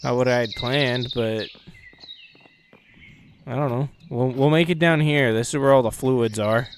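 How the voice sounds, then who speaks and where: A man's voice: medium pitch, a little slow, background noise. Chatty man hosting a game let's-play. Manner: chatty, talks to himself, muses out loud, hums as he plays. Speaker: gaming channel host. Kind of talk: casual let's-play commentary.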